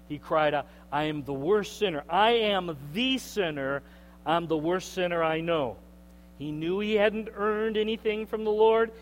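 A man preaching a sermon in an animated way, acting out the voices of the people he quotes. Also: sits high. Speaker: pastor. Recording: long hall reverb, mains hum.

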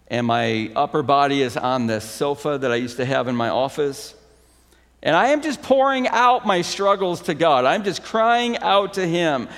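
A man preaching a sermon as pastor, emphatic, swinging between loud proclaiming and hushed, intimate stretches. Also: medium pitch, creaky, big-room sound.

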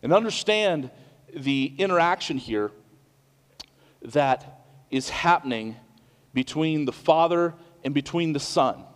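A middle-aged man giving a sermon in an earnest, conversational way, often pausing to restart a sentence or to add an aside. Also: fairly high pitch, clear, resonant tone, big-room sound. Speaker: pastor.

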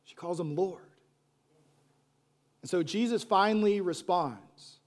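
A man preaching a sermon, moving between hushed, soft lines and loud, animated bursts, and acting out pleading voices. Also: sits high, takes it slowly. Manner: acts out quoted voices with pleading repetition. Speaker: pastor.

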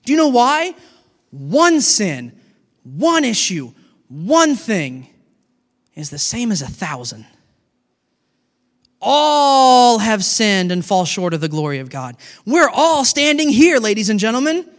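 A middle-aged man preaching a sermon as a pastor, animated and acting out little dialogues with God. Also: high voice, takes it slowly, long pauses, big-room sound.

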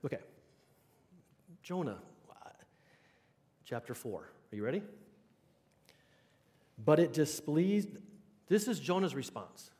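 Male preacher with a fairly high voice, casual conversational sermon, lots of questions to the room, long church reverb. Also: warm tone. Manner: conversational, checks in with the congregation. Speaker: pastor. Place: church sanctuary.

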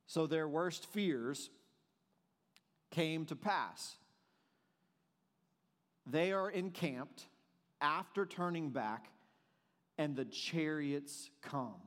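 A man preaching a sermon, moving between soft, drawn-out passages and emphatic, animated questions. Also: fairly high pitch, in a large hall. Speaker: pastor.

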